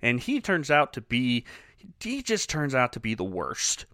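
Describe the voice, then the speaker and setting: A man's voice: mid-range voice, wildly swooping pitch, measured pace, bright, forceful tone, no room sound, studio quality. A man casually recapping a bad movie with wry, laughing commentary as a podcast co-host.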